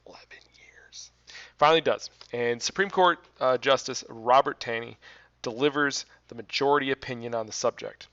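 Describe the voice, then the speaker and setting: A man teaching history as a story, animated and dramatic, with big swings in loudness. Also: mid-range voice, fairly quick. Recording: dull lo-fi recording.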